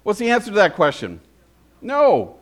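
A man's voice: high voice, huge pitch swings, normal speed. A man preaching a conversational sermon, often asking the congregation questions. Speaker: pastor.

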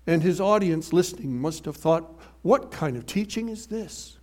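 Guy preaching a sermon, fairly high voice, really animated, goes loud then drops quiet. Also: normal speed, few pauses. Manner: animated, emphatic, swings from loud to hushed.

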